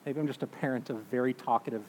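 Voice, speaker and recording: A man in his thirties or forties preaching a sermon, emphatic, swinging between loud declarations and hushed, slow phrases. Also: medium pitch, fairly even intonation. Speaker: pastor. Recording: long reverb of a large hall.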